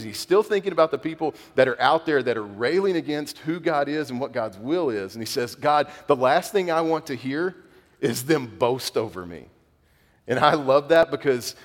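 A middle-aged man preaching a sermon in a relaxed, conversational way and telling stories. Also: medium pitch. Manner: conversational, animated storytelling with laughs. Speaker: pastor. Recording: long reverb in a large hall.

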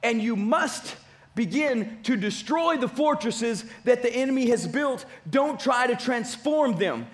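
A pastor delivers a sermon with a strikingly high-pitched male voice. He preaches emphatically, hammering home his points through repetition, as if speaking in a church. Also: lively intonation, measured pace. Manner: emphatic preaching with repeated phrases.

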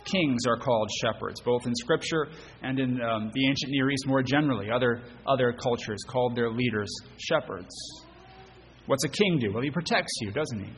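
A male pastor delivers a sermon in an earnest voice of middling pitch, often restarting phrases and putting rhetorical questions to his congregation. His voice carries a long reverb through the church, with a faint hiss of background noise underneath. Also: moderate pace. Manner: earnest, repeats words while rephrasing, asks rhetorical questions. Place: church sanctuary.

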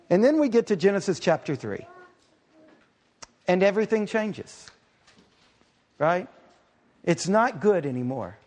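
A middle-aged male pastor delivers a sermon in a fairly high voice, spinning stories and tossing playful asides to his congregation. His words ring out with the long reverb of a large church hall. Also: big pitch swings, measured pace, long pauses, a little mellow. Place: church sanctuary.

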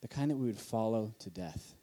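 A man's voice: lowish voice, expressive, brisk, mellow. A man giving a sermon at a conference in a hall, preaching earnestly in a conversational way and asking rhetorical questions. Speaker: conference speaker.

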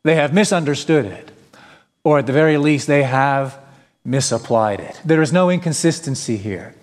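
The long echo of a church hall surrounds a male pastor preaching in the sanctuary. Earnest and emphatic, he asks rhetorical questions in a mid-range voice at normal speed.

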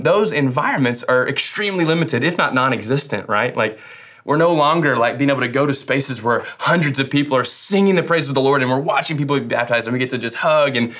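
Young man, casual sermon, joking asides, restarts phrases, mid-pitched voice. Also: fairly bright tone. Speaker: pastor.

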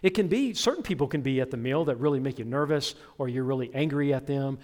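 A man's voice: mid-range voice, fast talker, a little mellow. A middle-aged man preaching a sermon as pastor, telling stories and making asides to his congregation. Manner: conversational storytelling with asides to the congregation.

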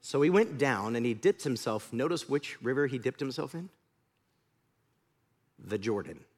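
A man preaching a sermon, telling the story in an animated way and swinging from loud to hushed. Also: medium pitch, moderate pace. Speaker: pastor.

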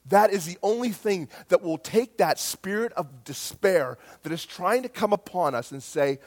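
A middle-aged male pastor preaching a sermon with passion, dropping to near-whispers and rising to loud calls. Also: sits high, lively intonation, normal speed, few pauses. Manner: impassioned, swings from hushed to loud.

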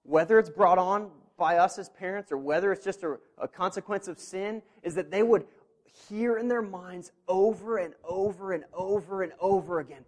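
Pastor guy preaching, kinda high voice, goes soft and close then gets loud and punchy. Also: moderate pace. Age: parent of children. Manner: swings from quiet, intimate asides to loud, emphatic preaching; earnest, with conversational fillers and restarts. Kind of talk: sermon.

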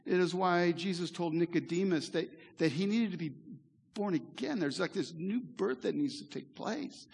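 A pastor giving a sermon in a church, earnest and conversational, with asides to the congregation. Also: male voice, high voice, expressive, moderate pace, vocal fry, a little mellow, breathy edge. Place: church sanctuary. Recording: echoey hall reverb.

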